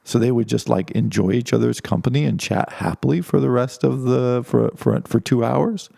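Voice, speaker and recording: A man's voice: medium pitch, moderate pace, vocal fry, dark tone, no echo, clean studio sound. A man giving an informal philosophy lecture, talking conversationally with many restarts and asides.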